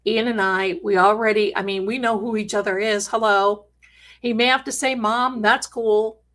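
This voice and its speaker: A woman's voice: mid-range voice, fairly even intonation, normal speed, fairly bright tone. A middle-aged woman hosting a live stream, telling a story in a chatty, dramatic way with jokey asides. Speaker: host.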